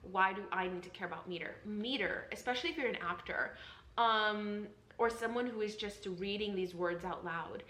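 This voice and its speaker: Young woman actor explaining shakespeare, earnest + encouraging, middle pitch, echoey room. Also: fairly bright tone. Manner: earnest, encouraging, repeats reassurances. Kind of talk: enthusiastic explanatory vlog lesson. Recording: roomy echo.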